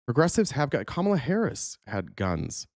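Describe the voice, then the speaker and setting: A man's voice: medium pitch, wildly swooping pitch, normal speed, creaky, dry recording, clean studio sound. A man hosting a political talk show, giving angry, profane, blunt commentary. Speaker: show host.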